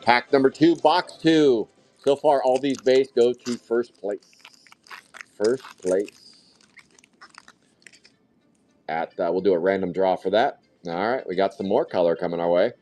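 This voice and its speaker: A man's voice: on the low side, unhurried, long pauses, faint music behind. A man hosting a live trading card break, calling out each pull with hype-filled, casual commentary and the odd curse. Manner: hype-driven, excitable calling of card pulls, casual swearing.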